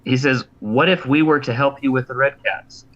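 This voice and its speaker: A man's voice: mid-range voice, fairly even intonation, normal speed, fairly bright tone. A man playing a tabletop game who argues his character's case in hesitant, restarting sentences. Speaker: player. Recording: dull lo-fi audio.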